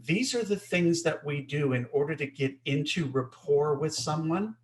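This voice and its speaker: A man's voice: a little high, lively intonation, normal speed. Man teaching a webinar, emphatic. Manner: explanatory, emphatic, checks in with "right?".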